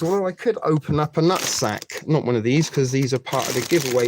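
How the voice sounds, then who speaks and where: A man's voice: a little high, expressive, fast, few pauses, background noise. Chatty crude-joking man in his forties. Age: 40s. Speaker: livestream host. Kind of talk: casual live-stream chat.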